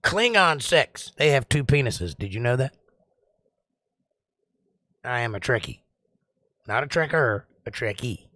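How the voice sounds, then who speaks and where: Southern host, loose rambling chat, dry close mic, average pitch. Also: male voice, lively intonation, a little slow, long pauses, a bit bright, no room sound. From Georgia, US. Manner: rambling, joking, drawling. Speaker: livestream host. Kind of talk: casual live-stream chat reading comments.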